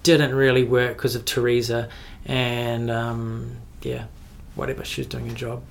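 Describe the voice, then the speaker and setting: A young man with a New Zealand accent, telling rambling stories in casual chat, full of "like" and quick laughs. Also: mid-range voice, flat delivery, gravelly. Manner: rambling storytelling with frequent "like" and laughs.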